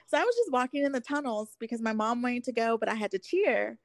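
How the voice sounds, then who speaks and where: A young woman in her twenties, a podcast guest, chatting casually and acting out her stories with lively quoted voices. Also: on the high side, fast, no room sound. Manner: animated storyteller acting out quotes, giggly. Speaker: podcast guest, former pro cheerleader. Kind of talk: casual chat.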